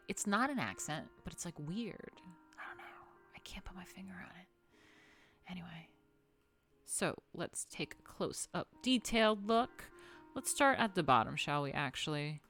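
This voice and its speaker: A woman's voice: fairly low pitch, very animated, normal speed, a bit bright, faint music behind. A woman hosting a casual art history chat, playful and loose, muttering asides and swearing freely.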